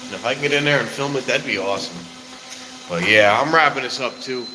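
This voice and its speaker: This livestream host is a man of medium pitch who talks at a quick pace. Holding his phone, he's out in the cold at night and later in an elevator, joking and rambling as he keeps vowing to finish up, and the sound carries a roomy echo plus clear background noise.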